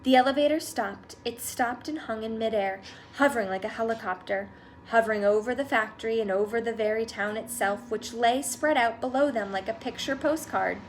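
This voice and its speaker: A woman narrating a children's storybook aloud in a lively, expressive manner. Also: fairly high pitch, a little hiss or hum. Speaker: audiobook reader.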